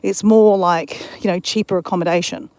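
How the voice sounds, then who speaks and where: A woman's voice: on the low side, fairly even intonation, normal speed, darkish tone, no echo. A woman chatting on a live stream while out on a bush walk, rambling and greeting viewers in the chat, on a handheld phone mic. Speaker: vlogger.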